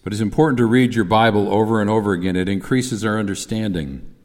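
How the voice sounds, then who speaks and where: A man's voice: lowish voice, fast, darkish tone, big-room sound. A man preaching a sermon in a conversational way, at times reciting lines with emphasis. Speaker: pastor.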